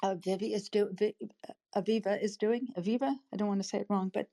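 An older woman in an audience, sharing tearfully and haltingly from the heart. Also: medium pitch, flat delivery. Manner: emotional, halting, warm-hearted. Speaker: audience member speaking up. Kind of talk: emotional personal sharing.

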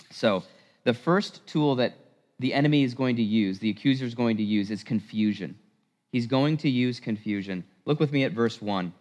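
A man preaching a sermon in a church, animated and emphatic, with rhetorical questions. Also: mid-range voice. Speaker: priest preaching. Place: church sanctuary. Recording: long church reverb.

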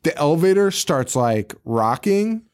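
A man's voice: fairly high pitch, big pitch swings, unhurried, darkish tone, smooth. A man hosting a podcast, recapping a movie in casual chat, swearing often, laughing and acting out the characters' lines. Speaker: podcast host.

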